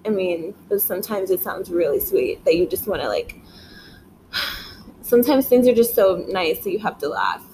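A woman's voice: mid-range voice, big pitch swings, moderate pace, a little mellow, a little hiss or hum. A young woman vlogging casually from her living room, rambling, swearing often and filling every phrase with "like". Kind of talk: casual rambling chat to camera. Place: living room at home, indoors.

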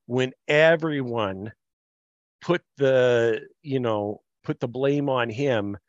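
A man hosting a podcast, chatting about sports in a measured way and thinking aloud with fillers. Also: mid-range voice, dry recording. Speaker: podcast host. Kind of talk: casual sports chat. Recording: slightly muffled, dry.

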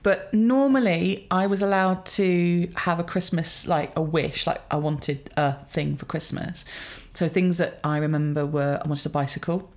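Lowish-voiced woman reminiscing. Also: moderate pace, hardly any pauses, darkish tone. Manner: rambling, self-amused storytelling with fillers. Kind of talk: casual chat.

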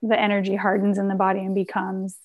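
A woman's voice: mid-range voice, completely flat delivery, fast, phone-quality sound. A woman hosting a podcast, talking in a reflective, thinking-aloud way with lots of fillers. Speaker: podcast host. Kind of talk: casual conversation.

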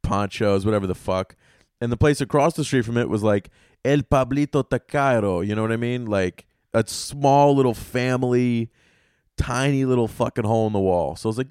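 A man's voice: medium pitch, normal speed, smooth, no echo, clean studio sound. Profane rambling male podcast host. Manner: profane, rambling, animated storytelling. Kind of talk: casual monologue.

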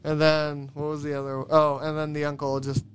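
A man co-hosts a podcast in relaxed, casual chat. His voice sits a little high and comes through smooth and clean. He talks bluntly and swears freely. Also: fairly quick. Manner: blunt and profane. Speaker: podcast co-host.

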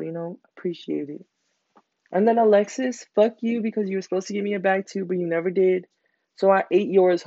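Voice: medium pitch, warm tone, dry recording. A young speaker in their late teens hosting a podcast, telling stories in a casual, rambling way with lots of slang and heavy swearing. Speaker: podcast host. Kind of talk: casual storytelling monologue. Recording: dull lo-fi recording.

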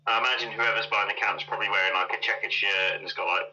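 Man, player, joking banter, very bright voice, muffled sound. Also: on the low side, fairly even intonation, racing. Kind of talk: casual tabletop play. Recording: muffled, faint background noise.

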